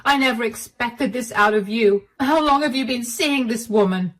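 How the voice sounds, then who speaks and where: A woman's voice: on the high side, normal speed, a bit bright, far from the mic. A woman voicing a hurt young wife who confronts her husband in agitated, pleading outbursts. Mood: outraged. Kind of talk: storytelling dialogue.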